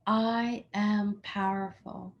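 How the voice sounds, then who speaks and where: Woman, meditation guide, slow unhurried delivery, soothing affirmations, medium pitch. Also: flat delivery, lo-fi sound. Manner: slow, soothing, affirming, leads repeat-after-me statements.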